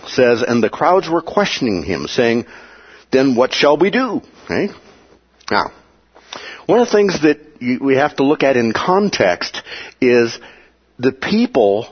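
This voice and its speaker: A man teaching a Bible study lesson in an animated way, acting out quoted voices and often checking in with "okay?" and "right?". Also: medium pitch, breathy edge, muffled recording.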